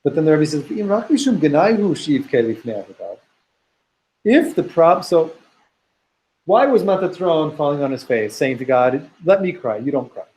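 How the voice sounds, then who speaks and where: A man's voice: on the high side, very animated, moderate pace, darkish tone, low-quality recording. A man teaching a Torah class to students in a classroom. He reads Hebrew text aloud, explains it thoughtfully, and repeats words as he works through ideas.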